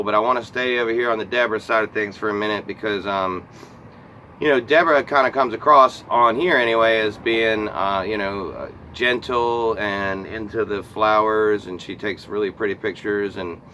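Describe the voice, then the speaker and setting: Laid-back man host with a bright voice. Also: on the low side, a little hiss or hum. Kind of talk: live stream interview.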